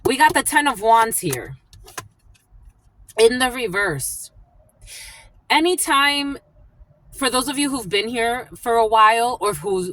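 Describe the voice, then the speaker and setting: A woman's voice: medium pitch, a bit bright, poor audio. A woman giving a casual tarot reading, telling a story in a rambling way with many fillers and acting out the people in it. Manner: acts out the people in her anecdotes. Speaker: tarot reader.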